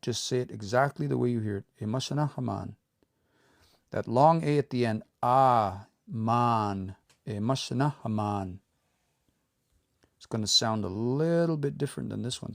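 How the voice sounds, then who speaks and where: A man giving a casual live-streamed language lesson, explaining step by step and repeating words slowly, with relaxed, informal phrasing. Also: medium pitch, gravelly, no echo, clean studio sound. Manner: relaxed, informal, says y'all and eh. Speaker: language teacher.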